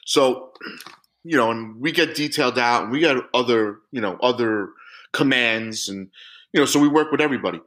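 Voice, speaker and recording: A man's voice: medium pitch, normal speed, low-quality recording. A man co-hosting a podcast, telling stories in casual, profane chat. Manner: animated, profane, acts out quotes. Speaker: podcast co-host, police officer.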